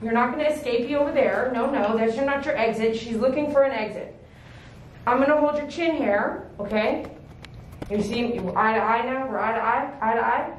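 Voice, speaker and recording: A woman's voice: a little high, fairly quick. A woman dog groomer teaching puppy handling in a hands-on demonstration, firm and coaxing, with short repeated commands and praise. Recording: echoey room with faint background noise.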